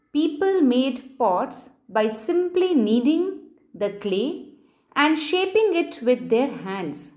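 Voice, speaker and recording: A high-voiced woman teacher talks young children through a textbook lesson. Her voice swoops up and down in a sing-song way, and she takes her time. She stops to spell out key words letter by letter. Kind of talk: reading and explaining a school textbook lesson.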